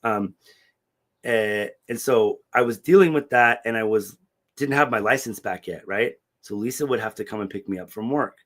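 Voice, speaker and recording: Animated profane man telling a story. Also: fairly low pitch, normal speed. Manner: animated, profane, acts out quoted dialogue. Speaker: podcast co-host. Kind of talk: casual storytelling chat.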